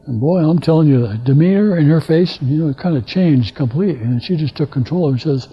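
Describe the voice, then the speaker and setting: An older man from Alaska giving a guest lecture, telling stories in a halting, rambling way and acting out the dialogue he quotes. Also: a little high, expressive, breathy edge. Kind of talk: anecdotal storytelling lecture. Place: lecture hall. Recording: dull lo-fi lecture recording.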